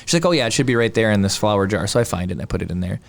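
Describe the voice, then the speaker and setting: A man's voice: fairly low pitch, animated, very fast, gravelly. A man in his thirties, co-hosting a podcast, telling a rambling home story in casual chat with many restarts. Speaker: podcast co-host.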